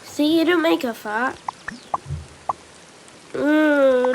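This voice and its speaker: A woman's voice: sits high, slow, long pauses. A young woman voicing a playful doll-game family skit, switching between character voices, with rain noise behind. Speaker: roleplay video maker.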